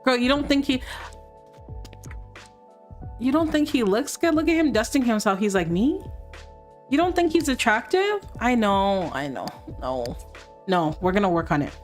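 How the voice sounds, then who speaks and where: A woman's voice: a little high, big pitch swings, moderate pace, pauses often, faint music behind. A woman hosting a life-sim let's play, chatting playfully with her viewers as she plays. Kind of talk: casual gameplay commentary.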